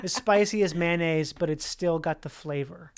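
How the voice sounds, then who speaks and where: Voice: mid-range voice, moderate pace, heavy background noise. A podcast host in casual chat, rambling and joking and often trailing off mid-sentence.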